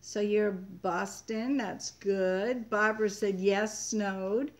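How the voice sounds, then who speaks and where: A woman's voice: mid-range voice, steady tone, slow pace. An older woman from Maine hosting a casual live-stream chat, reading viewers' comments aloud in a chatty way. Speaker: homestead channel host.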